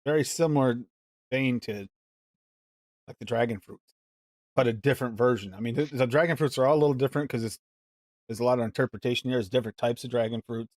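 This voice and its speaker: A man's voice: medium pitch, quick pace, pauses often, darkish tone, dry recording. A man hosting a live mixing show, chatting casually and reading recipes aloud in a rambling, musing way. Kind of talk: casual live-stream chat.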